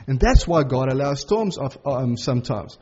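A middle-aged man preaching a sermon in an earnest, conversational way, slowing right down on key phrases. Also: mid-range voice, expressive, mellow, dull audio, a little hiss or hum.

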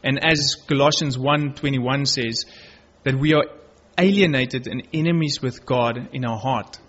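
A man's voice: mid-range voice, measured pace, fairly bright tone. A man preaching a sermon, reading Bible verses aloud and earnestly stressing key words. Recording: dull lo-fi recording.

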